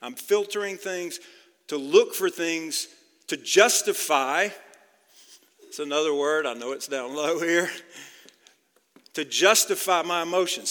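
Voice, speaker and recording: A man preaching a sermon in a conversational way, often checking in with his listeners with a quick "okay?". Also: fairly high pitch, fairly bright tone. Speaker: pastor. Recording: long hall reverb.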